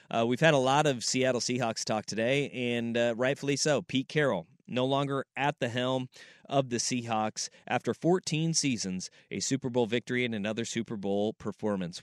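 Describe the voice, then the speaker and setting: A man's voice: medium pitch, dry recording. A man hosting sports talk radio in a studio, opinionated and emphatic. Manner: emphatic, opinionated, quick to agree. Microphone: studio microphone.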